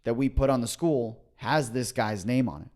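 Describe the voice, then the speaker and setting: A young man co-hosting a comedy podcast, telling a long story in a loose, chatty way. He acts out the voices of the people in it with big leaps in pitch. His own voice sits in a middle register. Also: normal speed. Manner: animated, acts out quotes with big pitch jumps. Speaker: podcast co-host. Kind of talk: casual storytelling chat.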